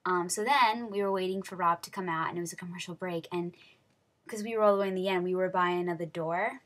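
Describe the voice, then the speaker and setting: A teenage girl telling an excited story in a casual vlog, gushing and full of fillers. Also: fairly low pitch, quick pace. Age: teens. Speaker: vlogger.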